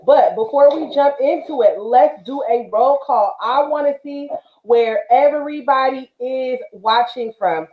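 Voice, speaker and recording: Chatty high-voiced woman livestream host. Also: measured pace. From Northern California, Bay Area. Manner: chatty, affectionate, many fillers. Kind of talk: casual livestream chat. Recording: roomy, dull livestream audio.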